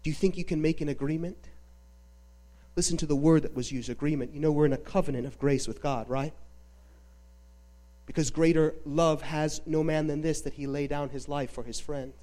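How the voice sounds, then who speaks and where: A man preaching a sermon, dramatically retelling a film with emphatic pauses. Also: on the high side, fairly even intonation, dark tone. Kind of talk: sermon storytelling.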